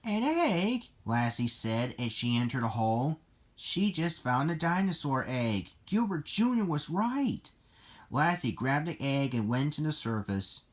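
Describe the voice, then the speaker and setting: A reader narrating a children's storybook in a slow, deliberate way. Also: mid-range voice, lively intonation.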